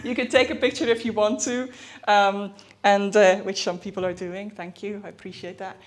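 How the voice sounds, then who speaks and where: A woman giving a conference presentation in a hurried, chatty way, full of fillers and self-aware asides. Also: medium pitch, steady tone. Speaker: conference speaker. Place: conference hall.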